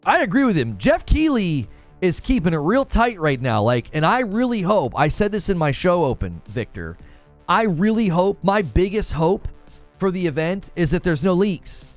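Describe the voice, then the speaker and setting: A man hosting a casual livestream, chatting excitably, repeating himself and reacting to his chat. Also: sits high, normal speed, faint music behind. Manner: animated, excitable, repeats himself, shouts when cheering. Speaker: livestream host.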